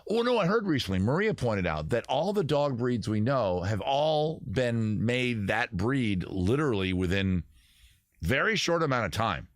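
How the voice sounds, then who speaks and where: A man hosting a casual live stream, rambling and joking at a close tabletop boom mic. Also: big pitch swings, moderate pace, dry recording. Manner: rambling, jokey, self-interrupting. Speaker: host.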